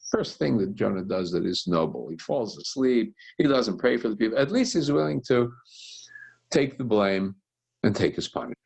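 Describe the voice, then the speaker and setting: A man, a rabbi, teaching a scripture study session and telling the story with animated voices for its characters. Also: mid-range voice, normal speed, creaky, breathy edge. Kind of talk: text study lesson.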